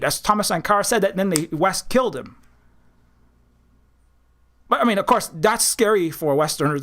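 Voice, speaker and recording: High-voiced man ranting about politics. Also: a bit bright. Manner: rambling and heated, many restarts, mocking put-on voices. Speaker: political commentator, channel host. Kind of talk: casual political monologue.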